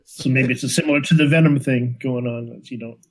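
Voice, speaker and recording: A man's voice: medium pitch, fairly even intonation, quick pace. A man co-hosting a casual podcast, thinking aloud in a hesitant way, full of "like". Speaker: podcast co-host. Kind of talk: casual chat.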